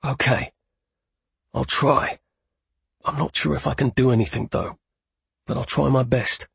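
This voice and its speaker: An earnest young man with hidden magic, voiced by a man in an audiobook, speaking in a husky, gravelly voice. He talks earnestly and a little hesitantly. The sound is dry and close to the mic. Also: mid-range voice, normal speed, darkish tone, no echo, pitched above the performer's own voice. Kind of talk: audiobook character voice.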